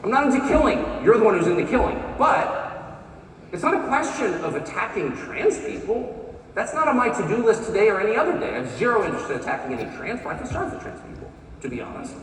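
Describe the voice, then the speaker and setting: An American man in his fifties gives a sarcastic, mocking live speech in a large conference hall, recorded from afar with echo, a faint crowd, and slight background noise. His high voice is fairly bright, very animated, and fast.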